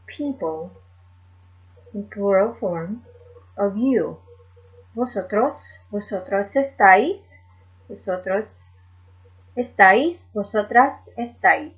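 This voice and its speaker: A woman teaching a language lesson slowly and carefully, repeating each word for learners. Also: mid-range voice. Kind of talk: slow explanatory lesson. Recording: dull lo-fi sound.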